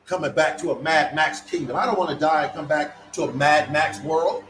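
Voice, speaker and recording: A man giving an informal scripture sermon in casual slang, swinging between loud emphatic bursts and low mutters and drawing words out slowly. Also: slight background noise, poor audio. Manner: stretches words out slowly for effect. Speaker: preacher.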